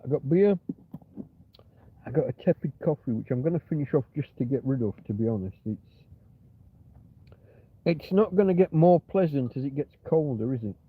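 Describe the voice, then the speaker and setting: This livestream host chats from bed on a cold night, rambling and muttering to viewers and to himself, occasionally turning to speak softly to his companion. He talks at a moderate pace with a medium-pitched, animated, slightly breathy voice and long pauses, all carried through tinny, phone-like audio.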